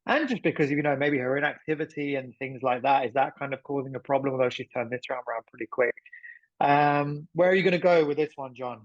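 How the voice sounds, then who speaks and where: A man's voice: mid-range voice, fast, no room sound. A man co-hosting a podcast in casual chat, chatty and thinking aloud with plenty of fillers. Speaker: podcast co-host. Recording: dull lo-fi sound.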